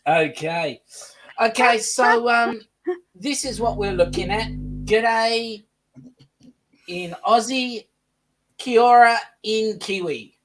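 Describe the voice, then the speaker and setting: A man's voice: high voice, slow, fairly bright tone, poor audio. Jokey man co-hosting a chat stream. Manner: jokey, banter-heavy, says mate a lot. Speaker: co-host. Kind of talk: casual live-stream chat.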